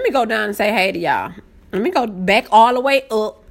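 Woman, live-stream host, easily excited, swoops up and down in pitch. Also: brisk, creaky, a little hiss or hum. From Southern United States. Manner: excitable, greets viewers by name, voice jumps high when excited. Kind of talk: casual live-stream chat.

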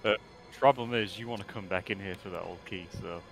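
A man sitting in on a game stream, giving quick, dry tips and advice in casual chat. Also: sits low, faint music behind. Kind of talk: casual chat over gameplay.

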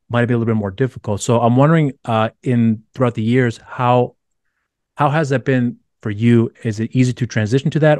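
A man's voice: mid-range voice, a little mellow, dry recording. A man hosting a podcast, asking long rambling questions full of restarts. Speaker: podcast host. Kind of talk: casual interview chat.

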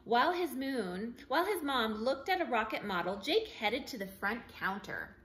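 Teacher reading a children's book aloud: a woman with a bright, lively, expressive voice. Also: fairly high pitch, normal speed, low-quality recording. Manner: expressive, clear storytelling. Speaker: early learning teacher.

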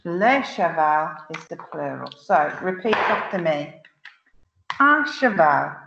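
A woman teaching children an online French lesson, saying words slowly and clearly for them to repeat, chatty and laughing at her own slips. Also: low-pitched, highs cut off, noisy background. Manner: slow, clear drilling of words for repetition; chatty and self-mocking, exclaims at slips. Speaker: primary school teacher.

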